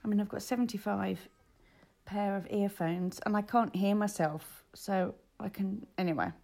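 A woman co-hosting a podcast, chatting excitedly and laughing often. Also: medium pitch, normal speed, creaky. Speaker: podcast co-host. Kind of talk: casual chat. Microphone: earphones in.

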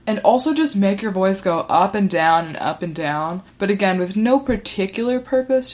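A woman's voice: mid-range voice, animated, normal speed, few pauses, darkish tone. A woman hosting a solo podcast, talking in a chatty, rambling way with lots of "like" fillers. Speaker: podcast host. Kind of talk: casual solo monologue.

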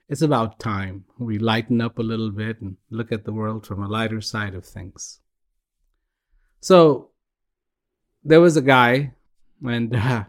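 In a mid-range voice, a man gives a reflective spiritual talk on a regular broadcast. He speaks gently, in short, halting phrases broken by pauses.

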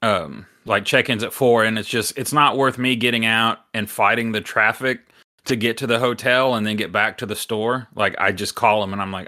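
Guy rambling thru a work story on a podcast, bright punchy voice, says like a lot. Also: lowish voice, fairly even intonation, moderate pace. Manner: rambling, lots of filler, swears. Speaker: podcast host. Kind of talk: casual storytelling chat.

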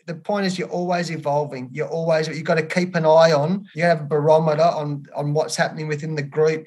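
Earnest Australian coach in his fifties, frank storyteller, slightly raised pitch. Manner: earnest, frank, calls the host mate. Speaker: cricket coach, guest. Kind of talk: candid interview storytelling.

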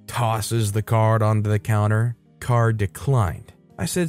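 A man's voice: medium pitch, measured pace, few pauses, darkish tone, smooth, faint music behind. Man narrating internet stories. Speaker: story narrator. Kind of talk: reading stories aloud.

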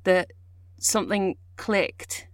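A woman's voice: medium pitch, fairly even intonation, slow, dry recording, clean studio sound. A young adult woman chatting casually as a guest, telling her story with lots of fillers. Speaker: guest, audiobook narrator and actor. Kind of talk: casual chat.

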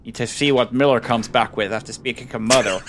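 A man playing a tabletop game, speaking in a measured, reserved way in character. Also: medium pitch, fairly even intonation, a bit bright. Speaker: player. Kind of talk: casual in-character banter. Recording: noisy background hiss.

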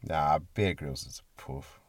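A young man co-hosting a podcast, talking in crude, swearing, animated banter. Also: rumbling low, unhurried, no room sound, soft background music. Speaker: podcast co-host. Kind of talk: casual banter.

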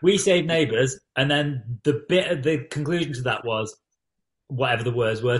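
A man's voice: medium pitch, normal speed. A man chatting on a podcast with dry, offhand humour and frequent laughs. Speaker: podcast co-host. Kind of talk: casual banter.

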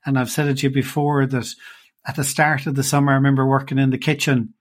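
A man's voice: mid-range voice, level tone, fast. A man hosting a podcast, who chats in an easygoing way and tells stories about his own life. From Ireland. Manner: easygoing, storytelling. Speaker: podcast host. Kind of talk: casual chat.

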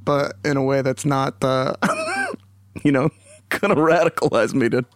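A man's voice: medium pitch, wildly swooping pitch, unhurried, no room sound. A man hosting a casual comedic podcast on his own, goofy and rambling, swearing freely and slipping into silly voices. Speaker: podcast host.

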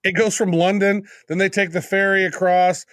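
A man's voice: high voice, little pitch movement, normal speed, fairly bright tone, no echo, clean studio sound. A man guesting on a casual podcast, teasing and rambling as he talks. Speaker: podcast co-host. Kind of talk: casual interview chat.

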